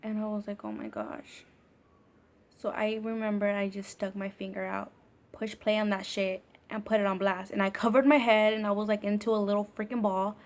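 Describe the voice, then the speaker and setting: A woman's voice: medium pitch, level tone, brisk. A woman telling a ghost story in a storytime vlog, casual and profane, filling her sentences with "like". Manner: casual and profane, heavy use of filler "like". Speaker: vlogger.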